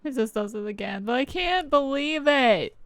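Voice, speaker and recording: A woman's voice: high voice, lively intonation, normal speed, smooth, dry recording. A woman streaming a video game live, reacting with gushing, giggly, emotional commentary. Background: game music.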